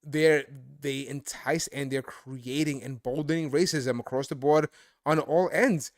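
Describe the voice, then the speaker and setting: A man's voice: mid-range voice, fairly even intonation, a little slow, no room sound, clean studio sound. A man from Brooklyn, co-hosting a live stream, emphatic and repeating himself. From Brooklyn, New York. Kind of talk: casual political chat.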